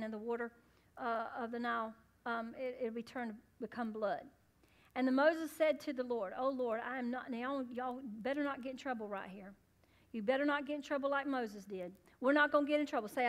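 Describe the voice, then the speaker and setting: A woman pastor preaching a sermon in church, calling out to the congregation and rising to loud, fervent peaks. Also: high voice. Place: church sanctuary.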